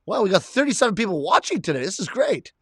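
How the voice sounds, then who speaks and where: A middle-aged Canadian man hosts a casual livestream, reading viewer comments aloud and laughing easily at himself. His voice sits high and he talks fast and very animatedly, with a breathy edge. The recording is studio quality with no echo.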